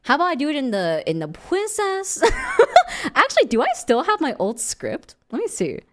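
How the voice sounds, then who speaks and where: A young woman streamer chatting casually and playfully. She mocks herself, breaks into loud laughter, and sometimes drops to a low, calm natural voice. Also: fairly quick. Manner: playful, self-mocking, bursts of loud laughter. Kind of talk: casual live-stream chat.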